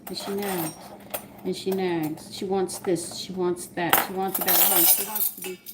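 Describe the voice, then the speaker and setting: A woman with a Southern drawl talks her way through a home cooking stream in a fairly low voice, drifting from the recipe into long personal stories. Plates, cutlery and pans clatter clearly in the kitchen around her. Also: flat delivery, moderate pace, heavy background noise. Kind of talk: casual cooking live stream.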